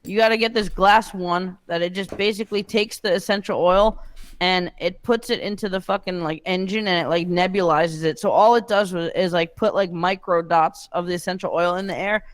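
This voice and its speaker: A young man telling stories in casual chat, animated and full of swearing. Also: sits high, a little fast, clear, resonant tone, dry recording. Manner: animated storytelling, heavy swearing.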